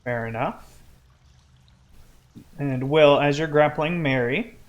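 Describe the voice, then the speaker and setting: A man acting as game master, calling for dice rolls and narrating results in a relaxed, laughing manner. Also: on the high side, slow pace, dull audio. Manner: easygoing, laughs often, calls for rolls. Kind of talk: running a tabletop game.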